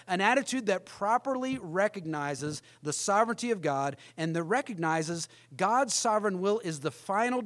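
A middle-aged man preaching a sermon as pastor, emphatic, often acting out the voices of others. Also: sits high.

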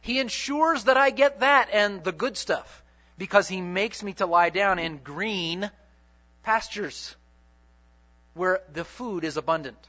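High bright-voiced man preaching a sermon. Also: measured pace. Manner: dramatic, repetitive preaching with big swings in loudness and pace. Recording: dull lo-fi sermon recording.

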